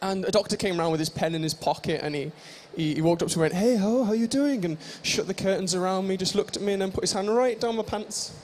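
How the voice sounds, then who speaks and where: High-voiced man bantering with a crowd. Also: fairly even intonation, quick pace, hardly any pauses, a little hiss or hum. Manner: playful, teasing, joking with the audience. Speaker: stage host at a live fan convention. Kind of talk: improvised comic crowd banter.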